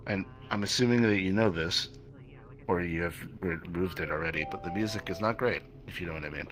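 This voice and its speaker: A man's voice: low-pitched, fairly quick, noisy background. A man playing along in casual game voice chat, matter-of-fact and offering tips. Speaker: fellow player.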